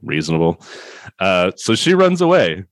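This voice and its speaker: A man's voice: low voice, big pitch swings, normal speed, no echo. A man co-hosting a casual comedic movie recap, sarcastic and profane, laughing often. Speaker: podcast co-host.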